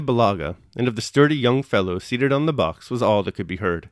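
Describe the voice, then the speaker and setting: A man reading a classic novel aloud chapter by chapter, steady and measured, then reflecting on it. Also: mid-range voice, no room sound, clean studio sound. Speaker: audiobook reader and host.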